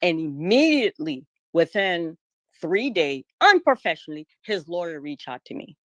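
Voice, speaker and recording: Animated woman telling a story. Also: on the low side, moderate pace, no echo. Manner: emphatic, acts out quoted dialogue. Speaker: interview guest. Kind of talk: storytelling in casual talk.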